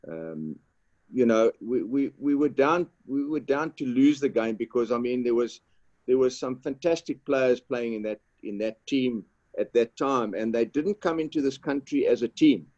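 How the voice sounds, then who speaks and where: A man's voice: medium pitch, normal speed, a little mellow, no echo, dull audio. Rambling man telling a story. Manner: rambling, repeats words while telling a story. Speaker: panelist, former footballer. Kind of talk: storytelling on an online panel. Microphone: video call.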